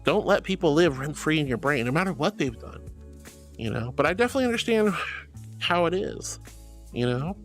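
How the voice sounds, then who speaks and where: A woman streaming, chatting casually and reading viewers' messages aloud, swinging between soft low musing and high excited squeals. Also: a little fast, soft background music.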